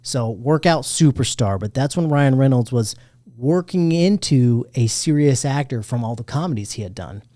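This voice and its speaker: A man in his thirties hosting a podcast, chatting casually about a movie, animated and jokey, with plenty of swearing. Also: medium pitch, normal speed, no room sound, clean studio sound. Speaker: podcast host. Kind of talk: casual movie review chat.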